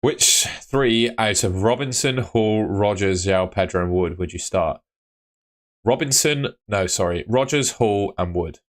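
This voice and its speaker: A man's voice: on the low side, measured pace. A man chatting casually on a live fantasy football stream, rambling and answering viewers by name, tired after a long day. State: tired, yawning.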